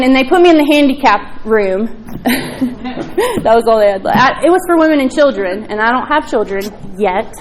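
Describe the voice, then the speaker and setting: A woman's voice: a little high, slight background noise, low-quality recording. A woman telling her recovery story at a meeting, candid and profane, with plenty of fillers. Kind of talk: personal testimony at a recovery meeting.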